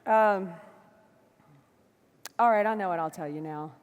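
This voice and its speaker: A woman giving a motivational stage talk to a live audience, fiery and emphatic, moving between shouts and soft asides. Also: medium pitch, measured pace, long reverb tail, muffled recording. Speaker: motivational speaker. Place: large hall before a live audience.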